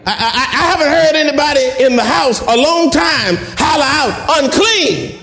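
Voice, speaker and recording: A male pastor, preaching a sermon that swells into shouts and drawn-out emphasis. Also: very high-pitched. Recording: echoey room.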